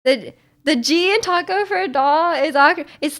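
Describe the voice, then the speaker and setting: Young woman streamer with a high voice and a slightly sore throat, rambling and chatty with viewers. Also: measured pace, a bit bright. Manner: chatty, rambling, frequent ums and restarts. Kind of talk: casual chat reading viewer comments.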